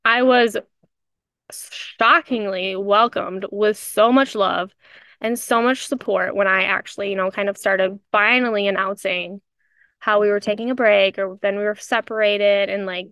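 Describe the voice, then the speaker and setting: A woman's voice: medium pitch, fairly even intonation, a little slow, a bit bright, clear, resonant tone, no echo, clean studio sound. A woman hosting a podcast in a casual confessional monologue, candid and emphatic, swearing freely. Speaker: podcast host.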